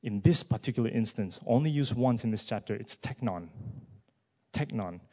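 A man with a mid-range, expressive voice preaches a sermon at normal speed. He asks many rhetorical questions and shifts between hushed words and loud, rising emphasis.

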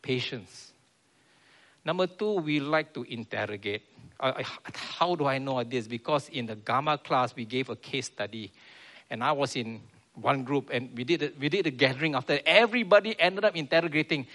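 A man's voice: mid-range voice, moderate pace, fairly bright tone. A man preaching a sermon in a church, earnest and repeating his key phrases.

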